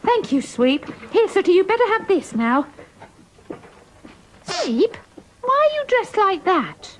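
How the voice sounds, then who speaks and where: A woman voicing a cheerful, excitable female panda puppet on a children's TV show, with a squeaky, gushing voice that fusses over her friends. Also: slow pace, slight background noise, heavily acted. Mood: chiding.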